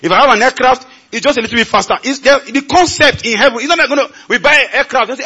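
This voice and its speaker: A Nigerian man preaching a sermon at a large conference, leading the congregation in call and response and building to shouts. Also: extremely high pitch, fast talker, few pauses, slight background noise. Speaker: pastor.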